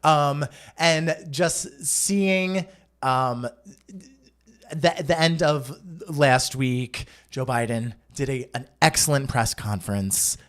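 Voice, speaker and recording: A man co-hosting a podcast, telling a story in casual chat with lots of fillers and restarts, acting out quotes and swearing casually. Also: mid-range voice. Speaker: podcast co-host.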